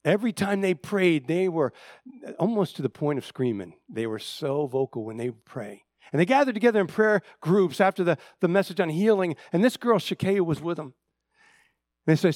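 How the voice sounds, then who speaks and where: Dry-sounding pastor preaching with swelling emphasis. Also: male voice, fairly high pitch, expressive, normal speed, no echo. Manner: storytelling with repeated words, swinging between loud emphasis and hushed drops. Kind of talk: sermon.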